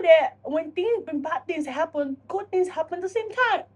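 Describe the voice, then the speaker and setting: A woman talking casually to camera in a self-reflection vlog, animated and profane, acting out her own inner dialogue. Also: extremely high pitch, brisk. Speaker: vlogger.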